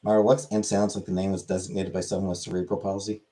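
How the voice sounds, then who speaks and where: A man's voice: sits low, level tone, fast talker, warm tone. A man hosting a casual comedic monologue, crude and irreverent, rambling between jokes.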